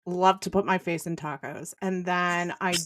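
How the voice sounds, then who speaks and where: A woman's voice: fairly low pitch, fairly even intonation, normal speed, a bit bright, no echo, studio quality. A woman co-hosting a podcast in casual chat, playful and rambling. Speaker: podcast co-host.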